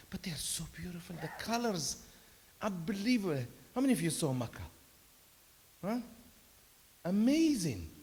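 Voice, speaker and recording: A man giving a Friday sermon as an imam. He talks conversationally, with loud emphatic bursts and soft storytelling asides. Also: high voice. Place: mosque prayer hall. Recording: long reverb of a large hall.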